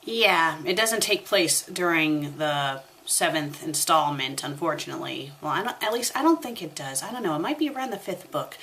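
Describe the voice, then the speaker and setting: A woman's voice: sits low, animated, normal speed, few pauses, a bit bright, slight background noise. A young woman reading a story aloud for a comedic review, breaking off for sarcastic asides. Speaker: fanfiction reviewer.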